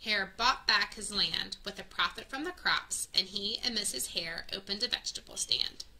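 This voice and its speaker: A woman's voice: mid-range voice, normal speed, pushed and bright, poor audio. A woman reading a children's picture book aloud, stopping to add friendly teaching asides. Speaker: children's story reader.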